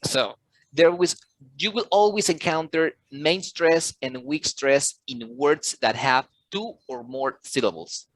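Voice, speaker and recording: A man teaches an online English class in a slightly high voice at a slow pace, with no echo. He explains patiently, repeats key points, quizzes his students and occasionally switches into Spanish.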